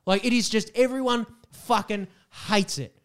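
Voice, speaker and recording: An Australian man with an Australian accent, ranting and swearing in casual comedic podcast chat, sometimes shouting mock chants. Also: high-pitched, moderate pace, clean tone. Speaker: podcast co-host.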